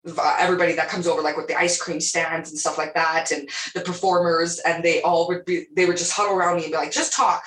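A woman's voice: on the low side, little pitch movement, fast, hardly any pauses, fairly bright tone, reverberant, rough recording. A young woman from Alberta with a Western Canadian accent, chatting in an interview in a bubbly way and laughing often. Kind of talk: casual interview chat.

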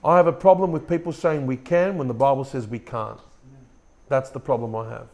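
A man's voice: medium pitch, fairly even intonation, fairly quick, a little mellow. A male pastor preaching a sermon, often repeating and restarting words and putting questions to the congregation. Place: church room with a congregation.

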